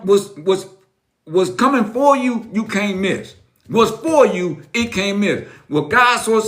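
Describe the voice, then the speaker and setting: Man, middle-aged, live-stream motivational talk, emphatic and preachy, repeats himself, high voice, echoey room. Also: sharp tone.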